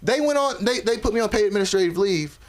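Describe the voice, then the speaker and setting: A man doing open mic stand-up, telling a profane story and shouting when he acts out angry parents. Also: high voice, lively intonation, fast. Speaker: stand-up comic. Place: comedy club stage. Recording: noisy club crowd. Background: audience reactions.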